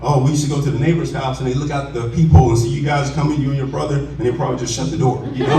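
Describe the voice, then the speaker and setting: A man's voice: medium pitch, steady tone, crowd noise. Emotional man speaking in a roomy cafeteria. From Commerce, Texas. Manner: heartfelt, halting, many restarts. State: emotional, voice choking up. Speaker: honoree giving an acceptance speech. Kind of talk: unscripted acceptance speech. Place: school cafeteria at a ceremony. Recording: roomy, distant, faint background hiss.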